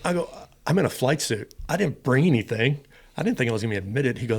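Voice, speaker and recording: A middle-aged American man, a retired fighter pilot appearing as a podcast guest, casually tells a long personal story in an interview and acts out both sides of the dialogue. His medium-pitched voice is expressive and slightly rough, and he speaks at a quick pace.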